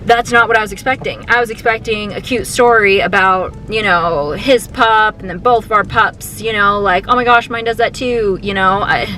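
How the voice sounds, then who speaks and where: A young woman vlogging in a casual, chatty way, excitable and full of fillers and restarts as she talks to her camera. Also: mid-range voice, normal speed, hardly any pauses, poor audio. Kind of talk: casual vlog chat. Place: car, then store and home. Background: music.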